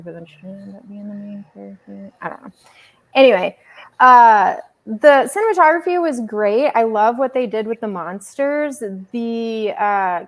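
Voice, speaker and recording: A woman co-hosting a movie podcast, talking casually, lively and swearing freely. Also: medium pitch, vocal fry. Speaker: podcast co-host. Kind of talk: casual chat.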